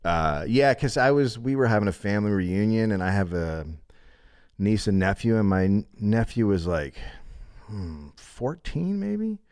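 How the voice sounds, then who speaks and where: A middle-aged man from California telling a comedic story, profane and animated, often laughing through the punchlines. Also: on the low side, moderate pace, clear, resonant tone. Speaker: podcast guest.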